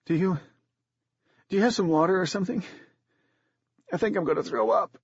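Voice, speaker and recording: A proud, injured teenage girl, put on by a man reading the story, speaks in short, guarded replies with a lifted pitch. Her voice carries a husky grain. The recording is dull and dry. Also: expressive, fairly quick, dry recording. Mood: strained.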